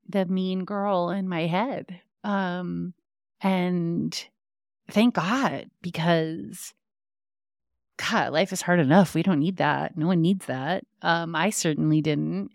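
A woman's voice: lowish voice, smooth, no echo, studio quality. A woman hosting a podcast, telling personal stories in a rambling way with frequent ums and restarts. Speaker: podcast host. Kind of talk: personal storytelling.

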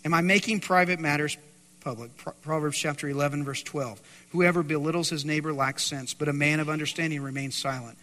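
A man preaching a sermon in a church, swinging between loud emphatic stretches and hushed quiet passages. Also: a little high, fairly even intonation, fairly quick. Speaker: pastor. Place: church sanctuary. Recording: reverberant hall.

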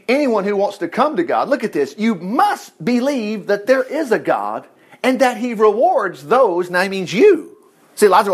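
A folksy male preacher giving a relaxed sermon in a lively voice that swoops up and down. He talks in a conversational way, slightly high for a man, and acts out voices as he goes. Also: slightly rough. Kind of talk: informal sermon on Bible passages.

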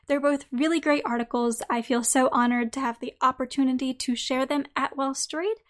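A woman hosting a podcast who talks straight to her listeners in a friendly way and then reads out her own article, her voice slightly croaky today. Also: high-pitched, fairly even intonation, fairly quick. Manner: friendly, direct address to listeners. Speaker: podcast host. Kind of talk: podcast monologue and article reading.

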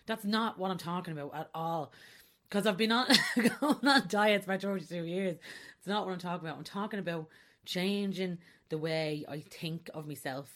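A woman's voice: lowish voice, moderate pace. A woman in her forties hosting a podcast, talking candidly and confessionally about herself and often breaking into laughter. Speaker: podcast host. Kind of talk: personal podcast monologue.

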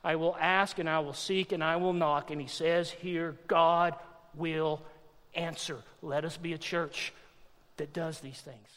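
A man's voice: on the high side, fairly even intonation, unhurried, a bit bright. A man preaching a sermon emphatically, calling out to the congregation as "Church". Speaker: pastor. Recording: long hall reverb.

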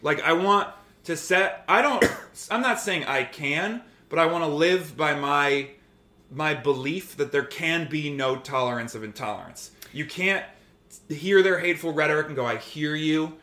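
A man's voice: fairly high pitch, normal speed, pushed and bright, roomy sound. A man co-hosting a podcast, arguing heatedly and mocking online trolls with put-on voices. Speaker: podcast co-host. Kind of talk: heated casual debate.

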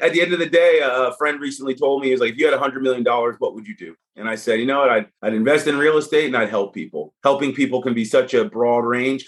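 Husky and mid-range, this middle-aged podcast guest spins casual, conversational stories. He gets animated, performing the quoted lines of the people in his tales.

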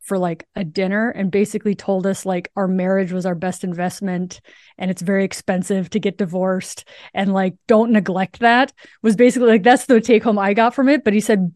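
A woman in her forties talks in an animated, quick way as a guest on a podcast. Her voice sits at a middle pitch, and it is recorded dry and close. Many fillers run through her speech. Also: no echo. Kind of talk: conversational interview storytelling.

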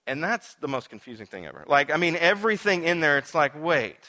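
Bright-voiced conversational male pastor. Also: a little high, big pitch swings, a little fast. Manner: conversational, swings from loud to hushed. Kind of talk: sermon.

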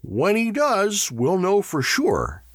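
A man doing a high, alarmed older medic. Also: huge pitch swings, slow pace, husky, no room sound, studio quality, exaggerated voice. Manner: urgent, reading out symptoms. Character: gruff older male medic, anxious and bossy.

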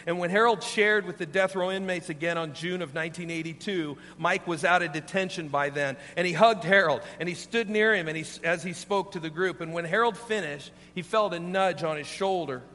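A man preaching a sermon, telling a story in an earnest, animated way. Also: sits high, fairly quick, few pauses. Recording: long hall reverb, faint hum.

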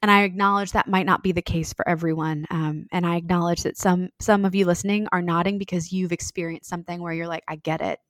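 A woman's voice: lowish voice, fairly even intonation, quick pace, few pauses, fairly bright tone, no room sound. Sincere thirties woman guest, reflective, lots of "um, you know", dry room. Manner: earnest, reflective, many fillers. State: briefly tearful. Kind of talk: heartfelt podcast conversation.

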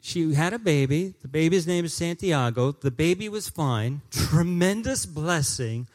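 A man's voice: animated, a little slow. A man preaching, putting on a Spanish accent to play a desperate father pleading for help. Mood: alarmed. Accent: put-on Spanish accent. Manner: pleading, high and loud, drawn out. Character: desperate middle-aged Colombian father pleading. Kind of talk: sermon storytelling.

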